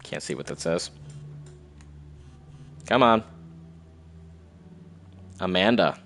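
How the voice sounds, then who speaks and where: A man's voice: sits low, animated, takes it slowly, vocal fry, fairly bright tone, a little hiss or hum. A man doing casual live commentary on a game playthrough, reading in-game messages aloud and adding slangy quips. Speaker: streamer.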